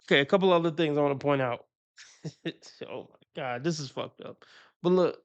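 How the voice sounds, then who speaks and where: A man's voice: fairly high pitch, moderate pace, dull audio. A man giving casual, profane reaction commentary on a stream, chuckling often as he talks through his opinions.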